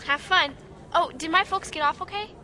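Frank spirited girl, high bright voice. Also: moderate pace, heavily acted. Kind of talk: radio drama acting.

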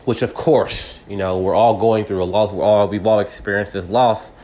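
A man's voice: on the low side, fairly even intonation, moderate pace, dark tone. A man in his thirties talking through a personal story in a rambling way, full of restarts and fillers. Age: 30s. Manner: grows heated and agitated when angry. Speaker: podcast host. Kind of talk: personal reflective monologue.

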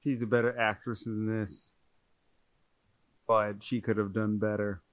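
A man's voice: lowish voice, little pitch movement, a little slow, no room sound. Man with a dry, close sound, chatting casually. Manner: chatty, rambling, self-correcting. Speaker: podcast co-host. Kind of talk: casual movie-review chat.

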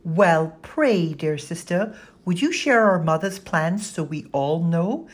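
A sullen older sister who answers in a dry, biting tone, as an audiobook narrator voices her. Her words come out clipped. The voice sits low with a husky edge. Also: fairly even intonation, unhurried, fairly bright tone, heavily acted. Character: sullen, sharp-tongued girl, older sister. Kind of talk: audiobook character voice.

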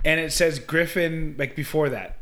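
A man co-hosting a podcast, chatting casually with quick asides and frequent laughs. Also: a little high, sharp tone. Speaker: podcast co-host. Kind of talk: casual movie review chat.

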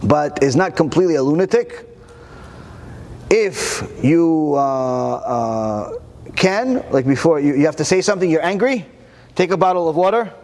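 This Torah lecturer's voice is a little high and unhurried, and a long reverb tail follows his words. Animated before his audience, he poses rhetorical questions and frequently repeats words while finding his next one.

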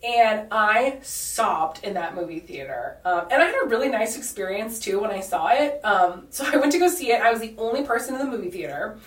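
A woman's voice: medium pitch, animated, a little fast, few pauses. A young woman co-hosting a podcast, chatting casually and telling stories with lots of "like" and "um". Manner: chatty storyteller, many "like" and "um" fillers. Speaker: podcast co-host. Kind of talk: casual chat. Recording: roomy echo, mic at a distance.

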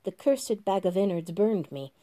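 A woman's voice: medium pitch, lively intonation, moderate pace, warm tone, natural voice. A woman doing a blunt, crude young woman. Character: blunt, earthy young woman, long blonde hair.

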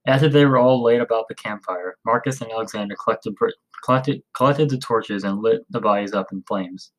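A man narrating a story in a steady reading voice, with occasional slips and restarts. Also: on the low side, rough recording. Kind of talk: audiobook narration.

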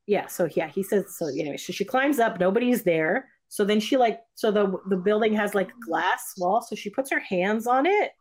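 A woman's voice: medium pitch, lively intonation, normal speed, few pauses. A woman casually retelling a movie plot to friends, rambling with lots of fillers and restarts, and acting out the characters' lines. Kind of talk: casual chat.

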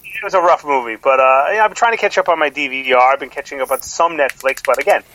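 A man's voice: fairly high pitch, quick pace, bright, forceful tone, dry recording, rough recording. A middle-aged man co-hosting a podcast in casual chat, rambling with lots of fillers and restarts. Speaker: podcast co-host.

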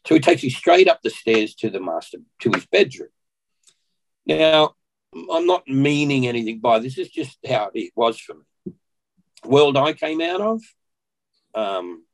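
A man with an Australian accent and a medium-pitched voice, heard on a rough recording. He's a podcast guest telling a personal story in conversation, animatedly acting out what people said along the way.

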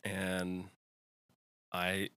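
A man's voice: sits low, monotone, drawn-out words, sharp tone, smooth, no room sound. A young man in his twenties telling a personal faith story in conversation, rambling with lots of fillers. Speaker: guest.

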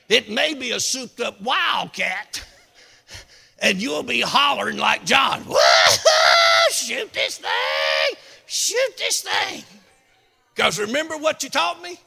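Man, preacher, high gravelly voice, lively shouting, long hall reverb. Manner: shouting, hollering storyteller with whoops. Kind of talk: sermon with a folksy tall tale.

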